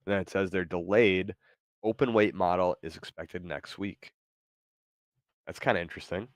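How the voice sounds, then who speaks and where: Deep-voiced man, halting and easygoing. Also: no room sound. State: tired, yawning. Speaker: show host. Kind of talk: casual chat with an AI.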